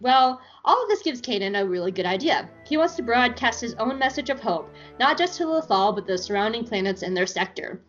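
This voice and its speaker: A woman's voice: a little high, expressive, fairly quick, hardly any pauses, lo-fi sound, soft background music. A woman podcast co-host chatting casually through an episode recap, giggly and swearing freely.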